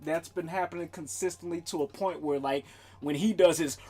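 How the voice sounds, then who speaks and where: A man's voice: fairly high pitch, steady tone, normal speed, dark tone. A man streaming, telling a rambling, profane story in casual chat and laughing often.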